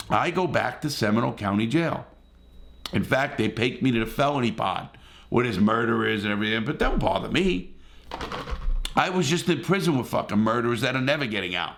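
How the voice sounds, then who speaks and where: Man in the middle pitch range, telling his own story straight to camera, swearing freely, heated and halting. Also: fairly bright tone. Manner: blunt, profane, heated retelling; frequent restarts and stumbles. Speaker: host, ex-convict storyteller. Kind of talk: casual storytelling monologue.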